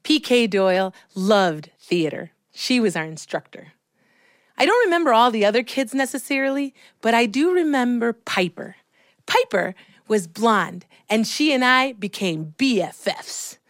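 A woman from Chicago telling a personal childhood story in an expressive, animated way. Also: a little high, measured pace, no room sound, studio quality. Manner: expressive, animated, acts out voices.

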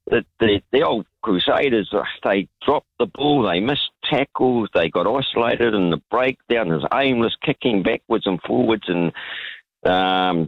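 A hoarse man with a New Zealand accent, calling in to talk rugby in a rambling, good-humoured way. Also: on the low side, no room sound. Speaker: caller. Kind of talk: talkback phone call. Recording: dull phone line.

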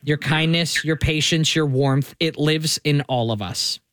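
Earnest male radio host reading slowly. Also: a little high, a bit bright, dry recording. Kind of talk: reading a heartfelt letter on air. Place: radio studio.

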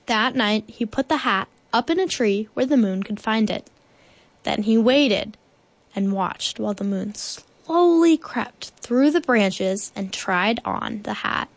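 A woman reading a children's picture book aloud in slow, deliberate storytelling. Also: on the high side, animated, no echo. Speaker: guest reader.

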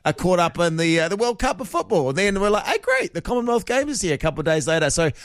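A man hosting breakfast radio with quick, teasing, cheery banter. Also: high-pitched, big pitch swings, fairly bright tone, no echo, clean studio sound. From New Zealand. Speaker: radio host.

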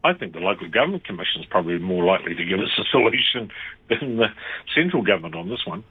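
A man speaks over a thin, tinny phone line. His voice sits low and a little husky. He talks about policy in a measured, critical way. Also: big pitch swings, dry recording. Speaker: interview guest on rural radio. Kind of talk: radio phone interview.

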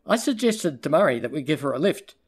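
A man narrating a crime novel audiobook in a steady, even storytelling manner. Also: on the high side, a little fast. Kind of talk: scripted narration.

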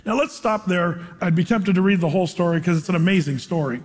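A man's voice: high-pitched, quick pace, few pauses. A male pastor preaching a sermon, retelling a story in a casual, dramatic way with acted voices. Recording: echoey hall.

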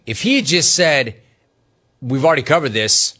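A man's voice: mid-range voice, animated, moderate pace, sharp tone. A man hosting a sports talk show, mocking rival fans with a teasing, laughing manner and reading chat messages aloud. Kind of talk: sports talk radio commentary.

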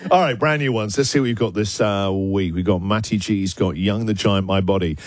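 A man hosting a radio show, joking and laughing with quick asides in a studio. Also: lowish voice, wildly swooping pitch. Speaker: radio host. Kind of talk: lively radio banter.

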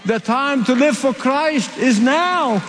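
A man from the Middle East delivers an emphatic sermon with a high voice, repeating his key phrases to drive them home. His words ring out with a long reverb, as in a large hall. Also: expressive, slow, fairly bright tone. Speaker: preacher.

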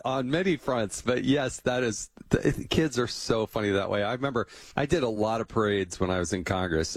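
Chatty low-voiced man hosting a podcast. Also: dry recording. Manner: chatty, anecdotal, laughs easily. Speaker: podcast host. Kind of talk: casual interview chat.

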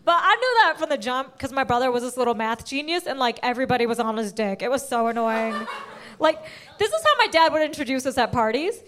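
Young female stand-up, high bright voice, brash and crude delivery, faint hiss behind. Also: animated, fast. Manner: brash, crude punchlines with laughing asides. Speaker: stand-up comedian. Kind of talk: stand-up comedy set.

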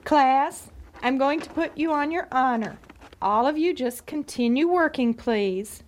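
A woman's voice: sits high, lively intonation. A woman voicing a firm sixth grade teacher in a children's radio drama. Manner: firm, slow.

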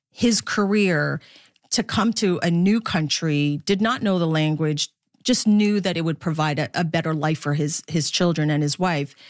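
A middle-aged woman who works as a baseball broadcaster, speaking as an interview guest in a lively, laughing, storytelling way. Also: fairly low pitch, dry recording, clean studio sound. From Philippines.

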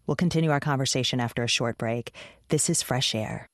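A radio interview host with a mid-pitched voice reads introductions in a measured, scripted way. The studio sound is dry and close. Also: dry recording.

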